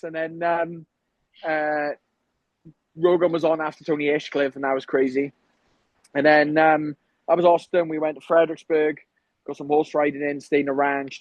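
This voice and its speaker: Welsh male fighter, casual storyteller, slightly higher pitch, dry close read. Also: no room sound, rough recording. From Wales. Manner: rambling anecdotes with frequent ums. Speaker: guest, professional fighter.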